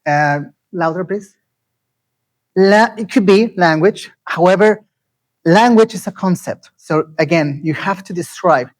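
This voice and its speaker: A man giving an interactive lecture, asking the audience questions and repeating key phrases slowly. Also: high voice, poor audio.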